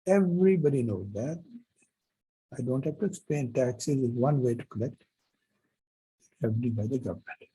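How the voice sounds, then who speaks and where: A male university professor giving a lecture, telling a personal story in an animated, emphatic way with many repetitions. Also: mid-range voice, normal speed, pauses often, slightly rough, poor audio.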